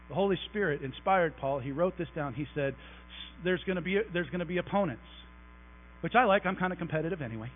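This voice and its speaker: A man preaching a conversational, animated sermon in a church sanctuary, joking with the congregation as he goes. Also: a little high. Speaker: pastor. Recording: tinny phone-like recording with mains hum.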